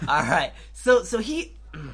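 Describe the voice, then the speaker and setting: A man's voice: high voice, big pitch swings, takes it slowly, a bit bright. Twenty-something man telling rambling stories. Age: 20s. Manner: rambling storytelling with many restarts. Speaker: podcast co-host. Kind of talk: casual chat.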